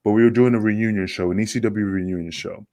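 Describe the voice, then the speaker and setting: Man, low voice, dry close mic, casual rambling chat. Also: brisk, no room sound. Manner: rambling, animated storytelling with acted quotes. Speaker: podcast co-host, former wrestler.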